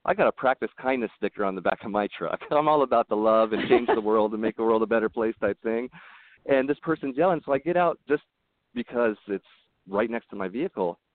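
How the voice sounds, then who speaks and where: A man's voice: on the low side, a little fast. A man talking as a podcast guest, telling personal stories in a rambling, earnest way with frequent restarts. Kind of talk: casual interview storytelling. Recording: tinny phone-like line, dry.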